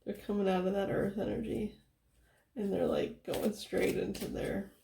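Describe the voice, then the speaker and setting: A young woman giving a casual tarot reading, soft-spoken and chatty, laughing often and filling her talk with "like". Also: medium pitch, fairly even intonation, normal speed, creaky, echoey room, a little hiss or hum. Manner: giggly, chatty, soft-spoken, with frequent fillers. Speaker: tarot reader.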